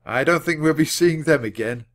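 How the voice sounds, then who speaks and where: A man's voice: on the high side, normal speed, a bit bright, pitched above the performer's own voice, natural voice. A man reading a storybook aloud, voicing a nervous young boy who stammers. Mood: eager. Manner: stammering, anxious.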